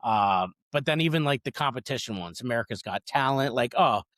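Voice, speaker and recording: A man's voice: mid-range voice, expressive, brisk, a bit bright, no room sound, studio quality. A man in his forties, a comedian guest in a casual interview, talking eagerly and rambling, often repeating words as he goes.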